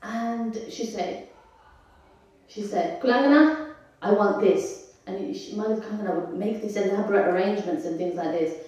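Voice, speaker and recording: A woman's voice: mid-range voice, steady tone, normal speed, dark tone, dull audio. A woman giving a devotional scripture class in a conversational way, asking her audience questions as she goes. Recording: echoey temple hall, voice from far off.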